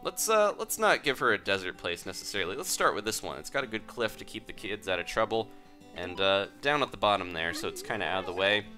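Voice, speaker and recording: A man giving casual, playful commentary over a life-sim game, with soft game music behind. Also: fairly low pitch, lively intonation, fast. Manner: playful, reads game dialogue aloud. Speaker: gaming video host.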